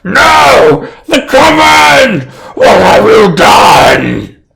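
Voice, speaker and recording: A man's voice: high voice, very animated, drawn-out words, creaky, raised voice, very noisy, voice pushed up, exaggerated voice. A man doing a shrieking grief-stricken hag. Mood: anguished. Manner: wailing shrieks. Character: shrieking grieving female hag.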